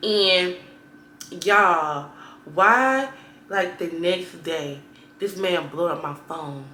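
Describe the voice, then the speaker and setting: A young woman, telling a dating story in a casual, animated vlog style. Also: lowish voice, very slow, long pauses. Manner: animated, laughing retelling with quoted dialogue. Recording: echoey room with faint noise.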